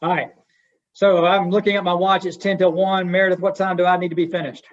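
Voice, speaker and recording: A man's voice: high-pitched, little pitch movement, fast. Folksy man leading a workshop. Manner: folksy, asks the audience questions. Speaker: webinar presenter. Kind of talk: interactive workshop talk. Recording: dull lo-fi webinar audio.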